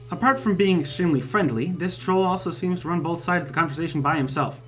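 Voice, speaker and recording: A man's voice: fairly high pitch, fast, few pauses, faint music behind. Wry man reading a game aloud. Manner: wry, joking asides. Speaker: let's play host. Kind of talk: reading a visual novel aloud with asides.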